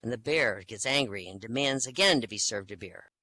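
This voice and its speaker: A man's voice: fairly low pitch, animated, a little fast, pushed and bright, no room sound, rough recording. A man telling a string of jokes, acting out each character as he goes. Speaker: joke teller. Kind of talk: stand-up joke telling.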